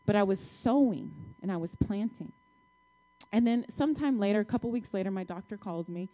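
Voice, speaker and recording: A woman's voice: medium pitch, brisk, mellow. A married woman telling her testimony to a congregation in a colloquial, emphatic storytelling style, talking straight to her listeners. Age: adult, married, child-bearing years. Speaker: church speaker sharing a testimony.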